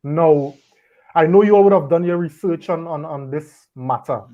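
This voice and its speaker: A man hosting a casual football chat, relaxed and repeating words as he thinks. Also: on the high side, normal speed. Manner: relaxed, repeats words while gathering thoughts. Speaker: podcast host. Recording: dull lo-fi audio.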